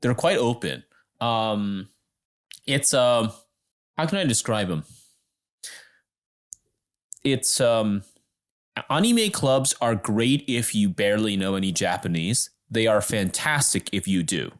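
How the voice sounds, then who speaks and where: A man's voice: on the low side, lively intonation, slow, long pauses. A young man in casual podcast chat, rambling and filler-heavy, with frequent "dude"s.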